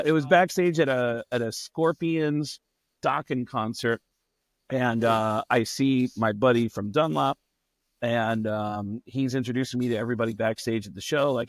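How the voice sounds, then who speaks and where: A man telling a story on a podcast, at an ordinary pitch, swearing freely and slipping into the voices of the people he quotes. The sound is dry and close. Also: dry recording. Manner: profane, animated, quick to act out people. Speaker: guest comedian. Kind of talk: casual storytelling.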